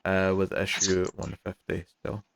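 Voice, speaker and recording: A man's voice: low voice, monotone, unhurried, vocal fry, a bit bright, a little hiss or hum. A man co-hosting a comics podcast in casual chat, dry and blunt with mock outrage. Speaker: podcast co-host.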